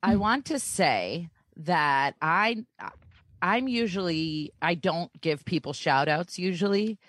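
A woman's voice: on the low side, animated, slow pace, fairly bright tone, no room sound. A woman chatting casually on a podcast, rambling and self-conscious, often laughing at herself. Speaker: guest co-host.

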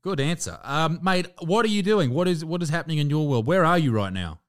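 A man's voice: a little high, expressive, a little fast, dry recording, studio quality. A man hosting a podcast, talking loosely and teasing his guest with swearing and mock-grand introductions. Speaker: podcast host. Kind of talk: casual chat over video call.

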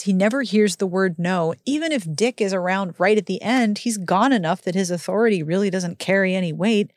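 A woman's voice: no room sound, clean studio sound. Wry, exasperated woman recapping a book. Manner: wry, exasperated commentary with sudden pitch jumps. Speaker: podcast host recapping a book. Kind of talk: casual spoken book recap.

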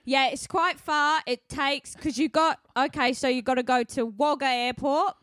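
A woman's voice: sits high, fairly even intonation, moderate pace, a bit bright, dry recording, studio quality. A woman playing a dotty female alpaca farmer and animal behaviourist with a British accent, talking in an earnest, rambling, oddly confident way in an improvised comedy bit.

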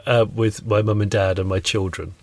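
A man's voice: lowish voice, flat delivery, normal speed, no room sound. A man co-hosting a podcast, telling rambling anecdotes in casual chat. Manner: rambling anecdotal storytelling with laughs. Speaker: podcast co-host.

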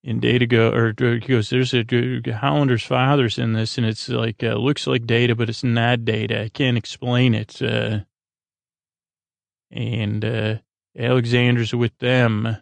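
A man with a gravelly voice and a flat, even delivery talks through a TV episode in a loose, rambling recap, stumbling over fillers as he goes. The sound is dry and close. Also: medium pitch, a little slow, dry recording. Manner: rambling retelling, many fillers. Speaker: podcast host.

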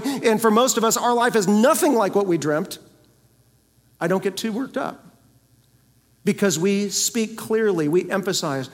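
A man preaches from the pulpit in a fairly high voice, pressing his points hard and firing rhetorical questions at the congregation. His words ring out with a long reverb, as in a church sanctuary. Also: moderate pace. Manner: emphatic preaching with rising and falling intensity, rhetorical questions. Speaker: senior pastor. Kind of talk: sermon.

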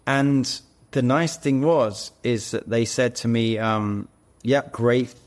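A man's voice: medium pitch, slow. A man who is an actor and co-founder, speaking as a podcast guest and telling stories animatedly. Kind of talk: casual interview.

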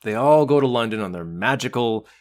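A man co-hosting a podcast, casually recapping a film in an animated way and acting out lines from it. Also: mid-range voice, a little fast. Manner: animated recapping, acts out quotes. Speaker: podcast co-host.

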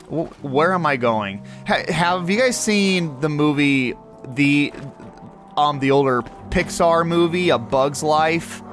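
A man hosting a podcast, excitedly talking through his own video game play as he goes. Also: a little high, takes it slowly, soft background music. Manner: excitable, narrates his every move aloud. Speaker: podcast host.

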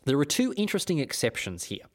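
A man's voice: a little high, wildly swooping pitch, quick pace. A man hosting a comedic history podcast, who tells the story in an irreverent, rambling way and often stumbles and restarts. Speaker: host.

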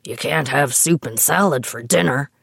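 A woman imitating her gruff, swearing old father with slow, emphatic lines. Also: extremely low pitch, dry recording, studio quality, heavily acted. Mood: exasperated. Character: gruff, cursing old father, tough but proud.

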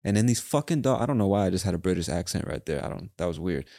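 This young host's solo podcast monologue is a fast, expressive, swear-filled ramble. He sits low in pitch with a dark tone, recorded cleanly in a studio without echo.

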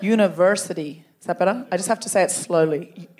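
A woman hosting a comedy podcast live on a theatre stage, teasing the audience in animated crowd work. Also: fairly low pitch, quick pace. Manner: teasing, animated, laughing between jokes. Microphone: stage microphone.

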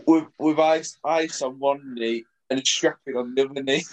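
A man's voice: mid-range voice, fairly even intonation, a bit bright. Male co-host, mid voice, giggly storyteller. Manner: laughing storyteller, quick bursts. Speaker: podcast co-host. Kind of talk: casual chat.

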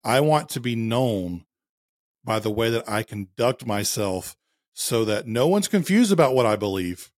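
A podcast co-host with a mid-range voice speaks in a thoughtful, conversational manner. The recording is dry and close-miked, with no room sound. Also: male voice, medium pitch, animated, measured pace, a little mellow, dry recording. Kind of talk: casual chat.

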